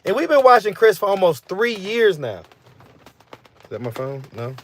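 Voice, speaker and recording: A man who hosts a street interview channel is live streaming, chatting casually and reading viewer comments aloud. He rambles loosely and leans on fillers like "you know what I'm saying," his high voice swinging widely in pitch at a moderate pace. There's a faint hiss or hum in the background.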